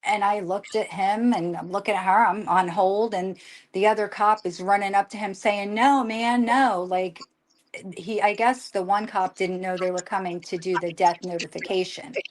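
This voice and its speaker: An older woman tells her family's story in an emotional live conversation, rushing and restarting as she quotes what everyone said. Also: mid-range voice, steady tone. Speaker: guest.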